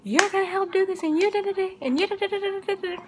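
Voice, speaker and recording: A girl acting out her big sister screaming at her, high pitched, mad, loud. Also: fast talker, noisy background. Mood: ranting. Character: furious scolding older sister, woman.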